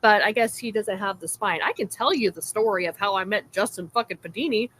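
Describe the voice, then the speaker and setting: A woman's voice: mid-range voice, fairly quick, a bit bright, slightly rough. A woman ranting angrily and cursing constantly in a heated online argument. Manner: profane, angry, ranting. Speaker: livestream participant.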